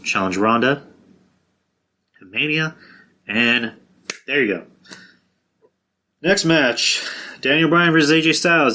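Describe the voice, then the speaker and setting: A man's voice: fairly low pitch, bright, forceful tone. A man hosting a podcast, talking through wrestling predictions in a blunt, profane, casual monologue. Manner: blunt and profane, with frequent restarts. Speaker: podcast host.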